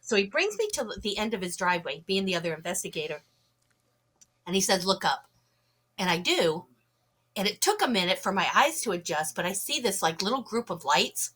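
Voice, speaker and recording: A bright, forward-sounding woman tells her story with lively energy and voices the people in it. She has a slight cough and a touch of throat trouble. She sounds like a podcast guest speaking into a call mic. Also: medium pitch. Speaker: guest, UFO investigator. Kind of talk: animated storytelling.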